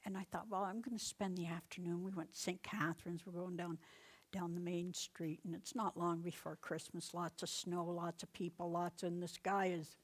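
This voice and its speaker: A woman's voice: fairly low pitch, little pitch movement, moderate pace. A middle-aged woman giving casual Bible teaching, telling personal stories in a chatty way, laughing often and raising her voice for commands. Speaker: Bible teacher and deliverance minister.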